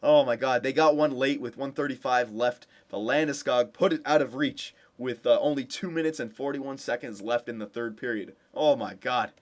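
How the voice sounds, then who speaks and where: A young man giving casual commentary over a hockey video game, cheering his team on with excitement. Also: mid-range voice, moderate pace, few pauses. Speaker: gameplay commentator.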